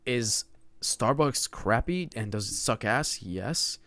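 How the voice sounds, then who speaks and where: A man's voice: mid-range voice, animated, takes it slowly, pushed and bright, no room sound. A man in his twenties hosting a podcast alone, rambling and joking about himself and often saying "dude.". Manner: rambling, joking, self-mocking, says dude a lot. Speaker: podcast host. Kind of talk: casual solo monologue.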